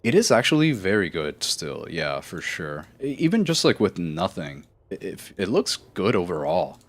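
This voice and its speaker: Low-voiced man rambling on a game stream. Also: very animated, normal speed. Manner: rambling, self-correcting, laughs easily. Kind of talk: casual live-stream chat.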